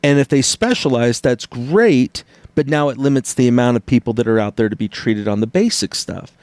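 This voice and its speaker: A man with a mid-range voice talks in a relaxed podcast chat, animated as he demonstrates rising and falling tones. The recording is dry and close, with no room sound. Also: medium pitch, normal speed, dry recording. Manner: animated, acts out tones and inflections while explaining. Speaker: podcast co-host. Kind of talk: casual chat.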